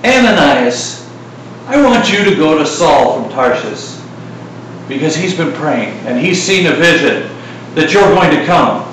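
A preacher putting on the voice of God, who speaks slowly and deliberately and hands out orders with calm authority. The sound comes from a distance in a hall full of echo. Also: male voice, fairly high pitch, a little hiss or hum. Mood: commanding. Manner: slow, deliberate, giving orders.

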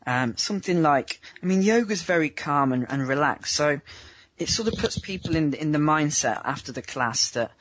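A man's voice: a little high, animated, moderate pace, a bit bright. A man, a dating coach talking in a chatty interview and acting out small scenes in other voices. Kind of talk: remote interview.

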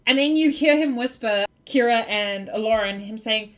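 Woman game master narrating a tabletop session; playful, laughs easily, fairly high voice. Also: moderate pace, few pauses. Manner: lively, laughs often.

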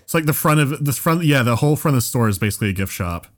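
A man's voice: mid-range voice, expressive, rapid-fire. A man telling a long story in casual chat, rambling and full of fillers.

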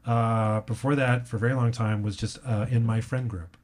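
Male comic guest, deadpan delivery, absurd tangents, mid-range voice. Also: medium pitch, moderate pace. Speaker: comedian guest. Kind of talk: casual podcast chat.

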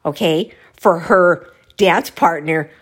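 A woman's voice: fairly low pitch, slow pace, slightly rough. A woman telling a casual personal anecdote, often breaking into laughter mid-sentence as she tells it.

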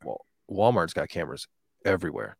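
A man's voice: low-pitched, sing-song, brisk, vocal fry, dry recording, studio quality. A man in casual chat, telling a rambling, profane story with lots of fillers.

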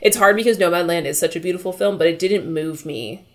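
A woman's voice: on the low side, quick pace. A young woman co-hosting a casual film review podcast, talking in a rambling way with lots of "like" and acting out scenes. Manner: rambling, filler-heavy, acts out scenes in voices. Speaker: podcast co-host.

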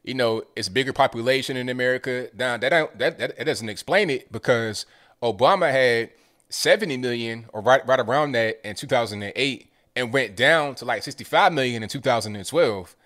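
Male talk-show host, casual and chatty, average pitch. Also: lively intonation, normal speed, fairly bright tone.

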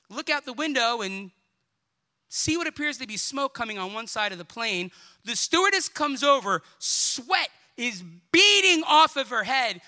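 Preacher guy, super high voice, animated, does little voices and gets shouty. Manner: animated, acts out quoted voices, builds to shouts. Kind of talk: sermon.

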